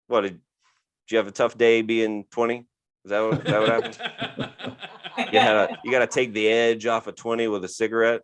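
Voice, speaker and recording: A man's voice: lowish voice, steady tone, fairly quick, a loud crowd. A man of thirty doing a stand-up comedy set, grumbling and exasperated, slipping into mocking voices. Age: 30s. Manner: grumpy, exasperated delivery with mocking character voices. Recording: live show with audience laughter.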